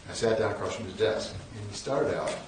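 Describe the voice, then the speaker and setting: A man's voice: lowish voice, fast, slight background noise. Wry older man lecturing in an echoey hall. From northern United States. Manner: wry, self-deprecating anecdotes with frequent restarts. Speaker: guest lecturer. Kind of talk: storytelling lecture. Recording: echoey hall, mic at a distance.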